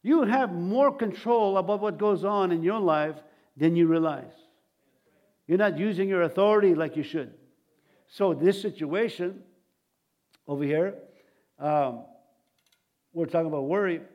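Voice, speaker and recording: A man's voice: high voice, unhurried, pauses often, highs cut off. A man preaching a sermon, retelling scripture stories and acting out the quotes, with frequent restarts. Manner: storytelling, acts out quotes, rambling restarts.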